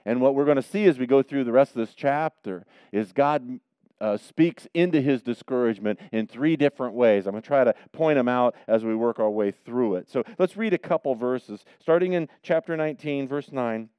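A man preaching a sermon in a church, swinging between loud emphatic questions and soft, quiet prayer. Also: mid-range voice, moderate pace, clear, resonant tone, dry recording, dull audio. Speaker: pastor.

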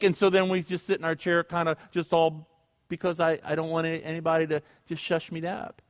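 A fairly high-voiced man preaching, casual and chatty, then pleading hard. The sound is dull and muffled. His voice hangs in a long sanctuary reverb. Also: flat delivery, brisk. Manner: conversational, builds to fervent pleading. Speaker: pastor. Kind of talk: sermon.

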